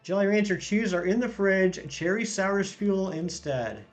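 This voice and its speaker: Young man with a somewhat high voice, talking casually over faint music. He banters easily with his viewers and reads their comments aloud as he goes. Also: expressive, measured pace. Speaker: streamer reading chat. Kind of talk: casual live-stream chat.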